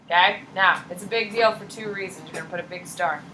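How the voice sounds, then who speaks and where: A woman teaching a high school history class, blunt and slangy, firing questions at her students. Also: fairly even intonation, fast, few pauses, sharp tone, a little hiss or hum. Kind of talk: classroom lecture. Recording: echoey classroom, mic far off.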